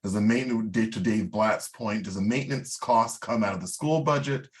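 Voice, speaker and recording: A man on a town committee, calmly explaining the budget for anyone listening. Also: fairly low pitch. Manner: measured, explanatory. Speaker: committee member. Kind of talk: clarifying remarks at a meeting. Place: town meeting room.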